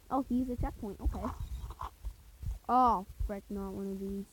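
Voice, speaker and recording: A woman's voice: mid-range voice, fairly even intonation, moderate pace, slight background noise, low-quality recording. A woman gaming YouTuber talking casually over her gameplay, playful and goofy, prone to silly outbursts and singing.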